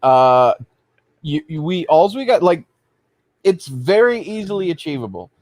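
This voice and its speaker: A man's voice: a little high, very animated, measured pace, darkish tone, no echo. A man co-hosting a casual chat, rambling through his opinions and restarting his sentences.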